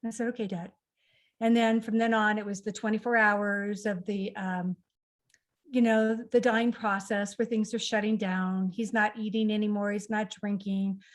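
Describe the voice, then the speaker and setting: An author guest in middle age tells a heartfelt family story at normal, conversational speed, slipping into the lines of the people she quotes. Her ordinary mid-pitched voice carries a lot of feeling and emotion, even though her delivery is flat.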